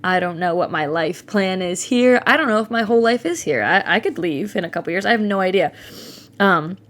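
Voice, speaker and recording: Young woman, podcast host, casual monologue, candid, swears, animated. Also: mid-range voice, a little fast. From Ohio. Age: 20s. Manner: candid and animated, swears freely, quotes people in mimicked voices.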